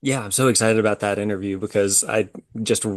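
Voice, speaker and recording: A man's voice: lowish voice, steady tone, brisk, dry recording, studio quality. A man moderating a horror podcast panel over a video call, friendly and upbeat, laughing easily. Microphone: video call mic.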